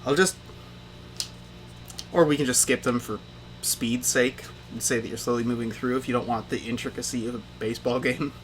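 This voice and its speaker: A man's voice: mid-range voice, steady tone, normal speed, soft background music. A man narrating and running a tabletop role-playing game in a casual way. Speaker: game master.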